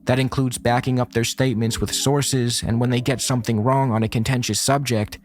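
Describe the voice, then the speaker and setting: A man reads a scripted video essay in a measured, critical tone. His voice sits at an ordinary middle pitch, and he lays out each point steadily. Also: level tone. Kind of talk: scripted narration.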